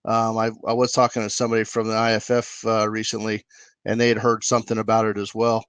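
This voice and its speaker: A man's voice: lowish voice, completely flat delivery, quick pace, fairly bright tone, clear, resonant tone, no room sound. A man co-hosting a casual podcast chat, laid-back and full of fillers. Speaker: co-host. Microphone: video call.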